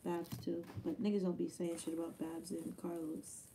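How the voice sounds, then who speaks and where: Young woman, gravelly, dark tone, faint background noise. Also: fairly low pitch, flat delivery, normal speed, recorded from a distance. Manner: loose, profane storytelling with quoted asides. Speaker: battle rapper answering fan questions. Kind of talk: casual Q&A chat.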